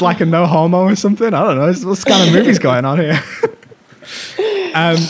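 A man hosts a loose, casual movie podcast with friends. He talks in an animated way, laughing as he walks through favorite lines. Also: a little high, slight background noise. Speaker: podcast host.

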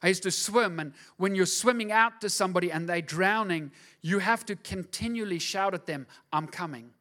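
A man's voice: high voice, moderate pace, sharp tone. A pastor preaching a sermon, pressing his listeners with repeated, emphatic questions.

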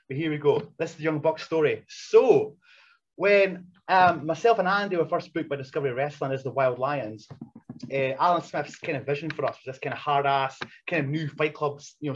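A man in his thirties, a professional wrestler, telling anecdotes in a casual interview, animated and blunt with frequent laughter. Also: on the high side. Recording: dull lo-fi recording.

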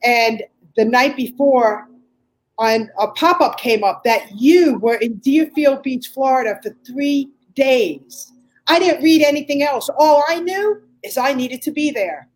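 Animated older woman telling her story. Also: measured pace, low-quality recording. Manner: animated storyteller, acting out quotes with big pitch jumps. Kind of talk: emotional personal testimony.

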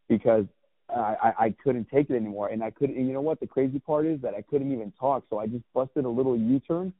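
A man's voice: mid-range voice, dry recording. A man in his thirties telling a personal story as a guest, candid and rambling, with lots of restarts and swearing. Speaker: guest, clothing brand founder. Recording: tinny phone-like dry sound.

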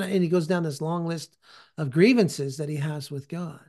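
Higher-voiced male preacher telling a story. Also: normal speed. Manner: animated storyteller who acts out the people he quotes. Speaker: podcast host and preacher. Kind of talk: storytelling in conversation.

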